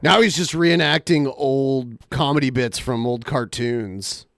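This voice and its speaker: A man's voice: mid-range voice, unhurried, vocal fry, fairly bright tone. A man co-hosting a podcast, making amused, incredulous remarks on a played clip. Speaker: podcast co-host. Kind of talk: casual commentary on a played clip.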